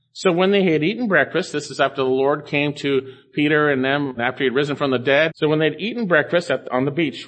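Male preacher, slightly higher pitch, reading scripture and explaining it with emphatic rises. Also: a bit bright. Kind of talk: expository sermon.

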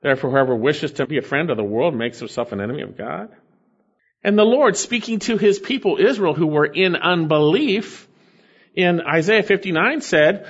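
A man preaching a sermon as pastor, earnest, swinging between emphatic peaks and low, quiet stretches. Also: sing-song, brisk, slightly rough, muffled recording.

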